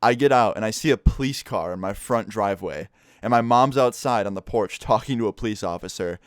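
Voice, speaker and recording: A man's voice: medium pitch, no room sound, clean studio sound. A man telling a childhood story in a casual, profane vlog style. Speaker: vlogger.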